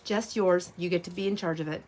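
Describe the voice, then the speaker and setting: A middle-aged woman hosting a craft livestream, telling stories in a casual, animated way and laughing often. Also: fairly low pitch, fairly quick, a little hiss or hum. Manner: animated, laughs often, acts out quoted voices. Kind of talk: casual storytelling chat while crafting.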